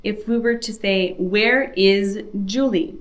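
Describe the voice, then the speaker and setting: A woman teaching a beginner French lesson, reading example questions and repeating them slowly for learners. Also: medium pitch. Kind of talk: slow, deliberate language lesson.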